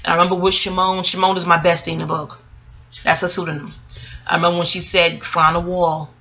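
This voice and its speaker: A woman, telling a personal story in a casual vlog. She talks in an animated, profane, slangy way. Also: fast. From Queens, New York. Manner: animated, profane, street slang, jumps up in pitch for quoted voices. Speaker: vlogger.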